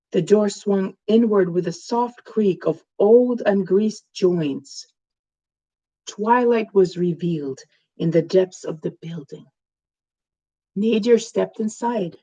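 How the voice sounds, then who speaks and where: A woman author reading her own fantasy tale aloud in a slow, measured way. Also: mid-range voice, dark tone, poor audio. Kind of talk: storybook narration.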